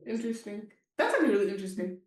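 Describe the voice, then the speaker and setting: A woman's voice: medium pitch, animated, very fast, roomy sound. A woman co-hosting a casual anime reaction chat, rambling along with many fillers and frequent laughs. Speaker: co-host.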